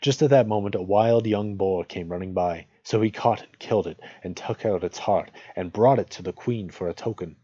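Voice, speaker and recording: A man reading a fairy tale aloud at a measured, unhurried pace, as host of a regular reading. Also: on the low side, dark tone, breathy edge, no echo, highs cut off.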